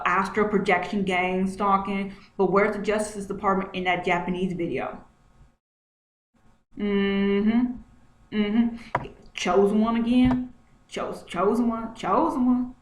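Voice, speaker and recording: A woman vlogging from home at her computer, talking through what is on her screen in an agitated way and repeating herself often. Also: medium pitch. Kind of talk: screen-share commentary. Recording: roomy echo, faint noise.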